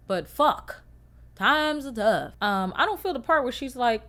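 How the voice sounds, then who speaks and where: A young woman hosting a casual solo podcast, swearing freely and swinging from loud rants to quiet mumbles. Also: on the high side, lively intonation, unhurried. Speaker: podcast host.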